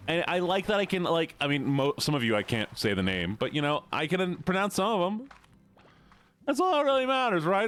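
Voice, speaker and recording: A man's voice: high voice, sing-song, fairly quick, a bit bright. A man with a Midwestern American accent chatting casually on a livestream, rambling, laughing often and reading chat aloud. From United States. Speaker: VTuber streamer.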